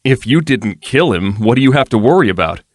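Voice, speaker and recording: A man voicing a young nobleman in a fantasy audiobook, a breezy dandy who speaks in a wry, lightly ironic way. The voice sits a little higher than the reader's own, in a close, dry recording. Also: lively intonation, a little fast, dry recording, close to an everyday voice. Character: young male nobleman, casual witty dandy.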